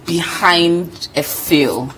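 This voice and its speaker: A woman's voice: fairly low pitch, drawn-out words, slight background noise, poor audio. A woman co-hosting a TV entertainment show, chatting casually and reading out comments with frequent laughter. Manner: animated, laughs often, reads comments aloud. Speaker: TV show co-host.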